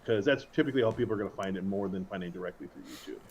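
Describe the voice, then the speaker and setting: A man's voice: sits low, a little mellow, a little hiss or hum. A man from Minnesota, the dungeon master, chatting casually and jokily before a livestreamed tabletop game. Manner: jokey, folksy, quick-talking.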